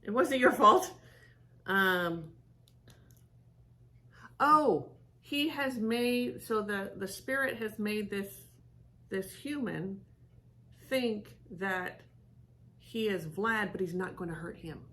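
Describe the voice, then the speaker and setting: A woman medium chats casually on a reaction show, her voice very bright and ringing. She rambles, stops and restarts often, filling gaps with ums and likes. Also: medium pitch, slight background noise. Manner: rambling, halting, many fillers and restarts. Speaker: psychic medium host.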